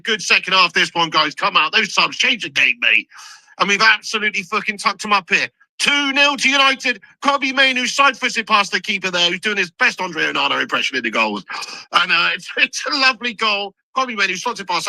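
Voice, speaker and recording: A man giving excitable, sweary live commentary on a football match as a channel host, shouting at chances and goals. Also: very high-pitched, no echo, rough recording.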